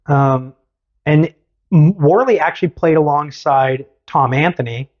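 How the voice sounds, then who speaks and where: A podcast host telling a story in casual chat, animated and sarcastic. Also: medium pitch, measured pace, dull audio.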